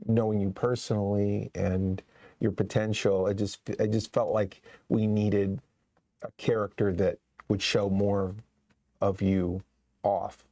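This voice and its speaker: A man's voice: lowish voice, flat delivery, slow pace, warm tone, no room sound. A man hosting a horror movie show, chatting casually on a live stream and rambling with many restarts. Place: studio set.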